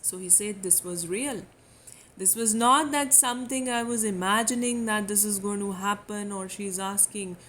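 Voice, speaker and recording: Indian English woman, literature lecturer, mid-pitched, explaining a poem, faint hiss behind. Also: moderate pace, fairly bright tone, rough recording. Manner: reads quoted lines with emphasis, then paraphrases.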